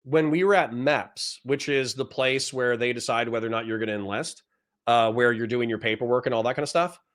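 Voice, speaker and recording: A man's voice: medium pitch, a little fast. A man, a Marine veteran, telling a rambling, profane story in casual chat and often breaking into laughter.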